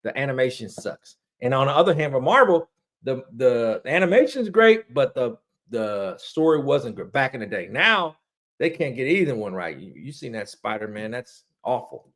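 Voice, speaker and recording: A man ranting casually to his viewers, excitable and rambling, repeating himself, his voice cracking high when he gets worked up. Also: moderate pace. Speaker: online ranter reviewing movies and shows.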